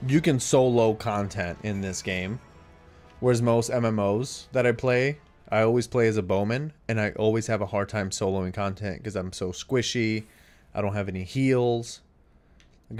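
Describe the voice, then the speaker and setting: A man's voice: on the low side, a little mellow. A young adult man streaming a game, chatting casually and reacting aloud to what happens on screen. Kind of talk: casual live-stream chat while gaming.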